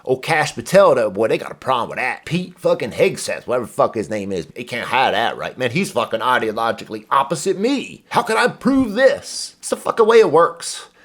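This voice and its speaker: A man's voice: medium pitch, big pitch swings, brisk, hardly any pauses, fairly bright tone. A man hosting a reaction commentary, ranting in a profane, exasperated way. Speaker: commentary host. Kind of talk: heated reaction rant.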